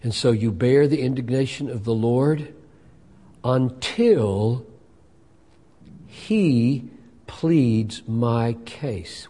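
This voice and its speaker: A male pastor preaching a sermon with emphasis, building up to loud fervent peaks. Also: mid-range voice, animated, drawn-out words, long pauses. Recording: long hall reverb.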